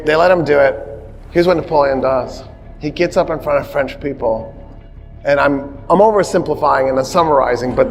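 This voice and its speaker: A man giving a history lecture, telling it as a lively story with humorous asides and acted-out quotes. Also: on the high side, creaky, in a large hall. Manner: animated storytelling, acting out quotes with shouts.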